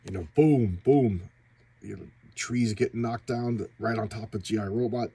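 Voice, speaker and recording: A man excitedly retelling a comic book story in a casual recap, acting out the characters and making boom sound effects. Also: normal speed, gravelly, slight background noise.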